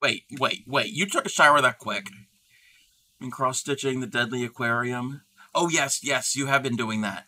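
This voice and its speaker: A man's voice: medium pitch, moderate pace, bright, forceful tone. A man hosting a crafting livestream in casual, rambling chat, reading and answering his chat aloud. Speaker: livestream host.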